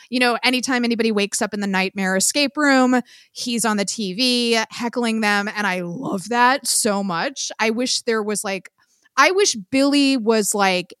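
A woman co-hosting a podcast in casual chat, animated, swearing freely and laughing often. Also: fairly high pitch, no room sound, studio quality. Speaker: podcast co-host.

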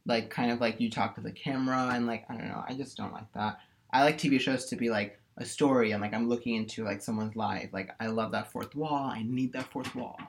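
A man's voice: mid-range voice, fairly even intonation, fairly quick, gravelly. A young adult man co-hosting a casual chat podcast, rambling through strong opinions with lots of "like" fillers. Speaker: podcast co-host.

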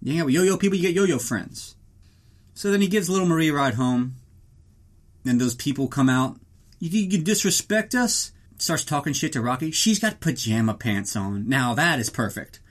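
A man's voice: medium pitch, normal speed. A man giving a comedic movie recap in a ranting, profane, incredulous way. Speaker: movie reviewer.

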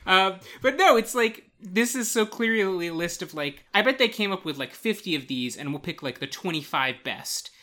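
A woman's voice: mid-range voice, animated, normal speed, hardly any pauses, fairly bright tone. A woman co-hosting a podcast in chatty casual talk, often laughing as she speaks. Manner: chatty, laughs while talking. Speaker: podcast co-host. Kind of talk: casual chat.

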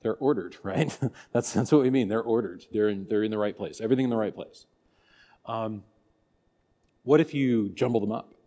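Warm and on the low side, his voice moves at a normal pace while he runs an informal church catechism class. The delivery is folksy and conversational, full of restarts and acted-out asides.

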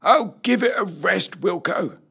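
A man's voice: high-pitched, expressive, a little slow, creaky, fairly bright tone, slightly rough, voice pushed up, heavily acted. A man voicing a very old, white-haired corporal who mutters and grumbles. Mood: grumbling. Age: older.

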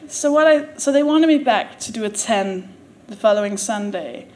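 A woman's voice: a little high, lively intonation, a little mellow. A woman comedian from Denmark telling a funny story on stage, laughing often and acting out what people said. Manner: laughing often, quick asides, acts out quotes. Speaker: comedian guest. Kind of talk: comic storytelling on a live podcast. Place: theatre with a live audience. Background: audience laughter.

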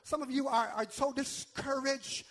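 A man's voice: very high-pitched, fairly even intonation, measured pace, vocal fry, fairly bright tone. A male pastor preaching a sermon, emphatic, repeating words and calling on the congregation to answer back.

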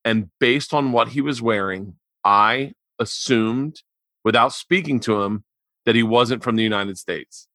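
A man hosting a podcast, telling a comic story in a profane, animated way with loud outraged outbursts. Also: medium pitch, a little slow, no echo, clean studio sound. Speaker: podcast host and comedian.

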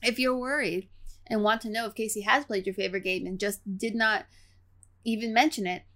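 A woman's voice: fairly high pitch, steady tone, a little fast, fairly bright tone. A woman co-hosting a podcast, chatting casually with teasing, giggly banter. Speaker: podcast co-host. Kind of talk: casual chat.

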